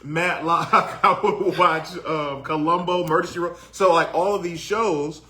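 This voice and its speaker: A man's voice: fairly high pitch, steady tone, a little slow, bright, forceful tone. Laid-back man with a country twang. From Detroit. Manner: laid-back, storytelling, reads comments aloud. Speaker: podcast co-host. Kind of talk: casual chat, reading viewer comments.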